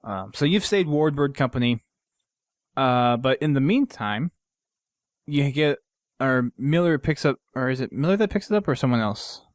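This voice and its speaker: A man's voice: medium pitch, expressive, moderate pace, no room sound. A man hosting a podcast, casually recapping a game mission in a rambling way with lots of fillers and restarts. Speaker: podcast host.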